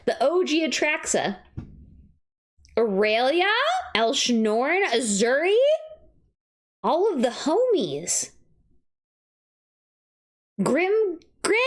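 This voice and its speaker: A young woman streaming and chatting casually, bursting into excited exclamations and casual swearing. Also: a little high. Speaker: streamer reviewing card sets. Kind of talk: casual livestream chat.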